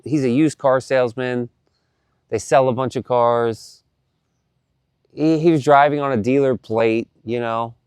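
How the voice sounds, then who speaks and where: Storyteller, adult man, mid-pitched, swears a lot, dry close sound. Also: smooth, no echo. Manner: animated, profane, repeats himself. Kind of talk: casual storytelling to camera.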